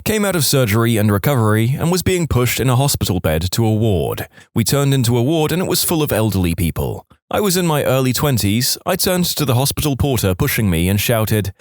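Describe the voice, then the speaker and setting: A man narrating submitted stories aloud for a podcast, with an expressive delivery. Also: mid-range voice, brisk, few pauses, no echo, studio quality. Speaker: story narrator.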